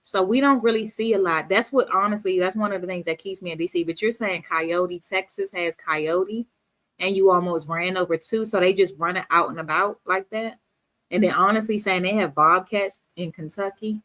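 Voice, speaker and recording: Woman host, slightly low voice, casual chatty livestream banter with viewers. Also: normal speed, fairly bright tone. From Washington, D.C. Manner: chatty, reads viewer comments aloud, laughs often.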